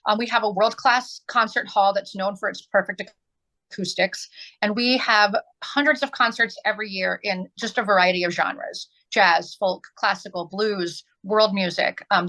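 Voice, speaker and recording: A woman's voice: medium pitch, steady tone, moderate pace, sharp tone, rough recording. A woman in her forties from southern Illinois, answering interview questions earnestly as an arts nonprofit director, with many ums.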